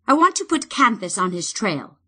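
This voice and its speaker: A woman voicing a calm young male king in an audiobook, in a steady, reassuring tone. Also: medium pitch, moderate pace, husky, heavily acted. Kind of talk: audiobook reading.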